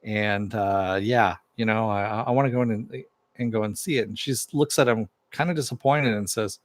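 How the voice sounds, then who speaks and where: A man's voice: fairly low pitch, normal speed, no room sound. A man giving a casual recap of a TV episode, retelling it loosely with fillers and asides. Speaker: TV episode reviewer.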